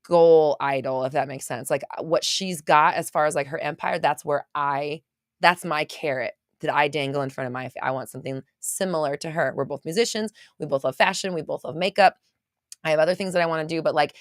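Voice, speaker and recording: A young woman hosting a mindset livestream, gushing and excitable as she chats to viewers and swears casually. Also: sits low, no echo, clean studio sound.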